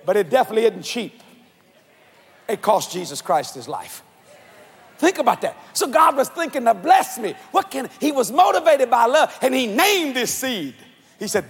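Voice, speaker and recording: A man preaching a sermon to a convention crowd, shouting and swinging his pitch up and down. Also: lively intonation, moderate pace. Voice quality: husky. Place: large church or convention hall. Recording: long hall reverb.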